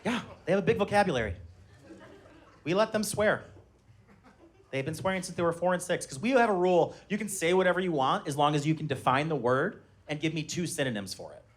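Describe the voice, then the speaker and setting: A man in his thirties doing a stand-up comedy set live on stage, telling animated stories and shouting his children's lines. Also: a little fast. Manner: animated storytelling, shouting high-pitched voices when acting out his kids. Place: live comedy venue with laughing audience.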